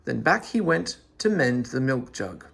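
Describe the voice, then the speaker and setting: A man reading a children's story aloud in an expressive, animated storytelling manner. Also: mid-range voice, a little slow, creaky, slightly rough.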